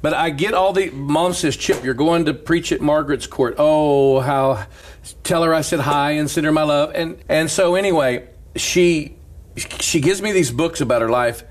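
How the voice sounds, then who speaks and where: A middle-aged man, a pastor, telling a story in an animated, preacher-like way and laughing as he goes. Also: fairly high pitch, normal speed. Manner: lively, laughs through stories, preacher's cadence.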